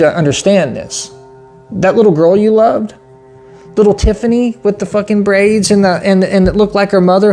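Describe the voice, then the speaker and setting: Male show host, heated shouting rant, crude language, voice sits a bit high. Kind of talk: solo angry rant.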